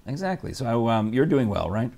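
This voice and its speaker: A middle-aged man hosts a relaxed chat show and teases his co-host with easy banter. His pitch moves around a lot as he talks, lively and animated. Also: normal speed, gravelly. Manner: chatty, playful, teasing.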